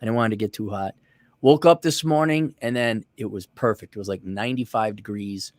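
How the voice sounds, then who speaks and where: A man's voice: fairly low pitch, fairly quick, a little mellow, dry recording. Profane ranting man, dry close sound. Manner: profane, ranting storyteller acting out quoted people. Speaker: podcast co-host. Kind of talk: casual podcast chat.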